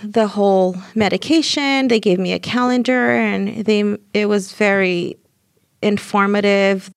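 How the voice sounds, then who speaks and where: A young adult woman telling her own story in an interview, getting animated when she acts out scenes. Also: mid-range voice, unhurried, vocal fry, clean tone, no room sound, studio quality. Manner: animated, voices rise when reenacting scenes.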